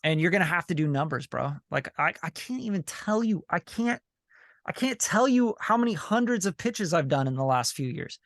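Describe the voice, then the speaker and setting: A man's voice: fairly high pitch, lively intonation, moderate pace, no room sound, studio quality. A man coaching a member on a video call, blunt, profane and repetitive, often asking "you know what I'm saying". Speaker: sync licensing coach and group leader.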